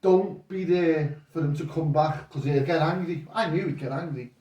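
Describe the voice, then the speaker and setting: At a moderate pace, an older man with a fairly high voice, a boxing coach guest, tells rambling stories in a casual chat. He retells them animatedly, quoting and voicing the people involved. He's off-mic, recorded from a distance in an echoey room.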